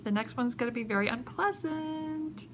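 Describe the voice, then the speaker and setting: A woman doing a quiet, solemn prophet. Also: on the high side, moderate pace, slight background noise, pitched below the performer's own voice, lightly acted, rough recording. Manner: quiet, grave and earnest. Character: patient, solemn male prophet leader.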